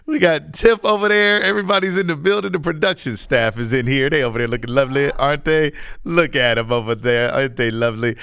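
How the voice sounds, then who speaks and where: A man's voice: medium pitch, fast, creaky, fairly bright tone, clear, resonant tone. A man hosting a live community news show, casual and playful, teasing his co-host and laughing often.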